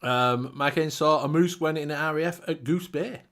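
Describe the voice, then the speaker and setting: A man's voice: a little high, moderate pace, a bit bright. A man hosting a casual live chat show, reading out viewer comments, laughing often and swearing casually.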